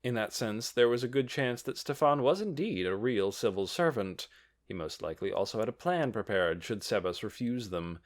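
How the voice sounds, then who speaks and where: A man narrating an audiobook with expressive reading. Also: on the low side, normal speed.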